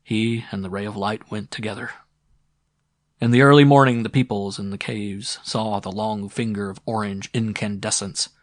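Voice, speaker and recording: A man narrating a science fiction audiobook in a steady, dramatic reading. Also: on the low side, no room sound, studio quality. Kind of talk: scripted narration.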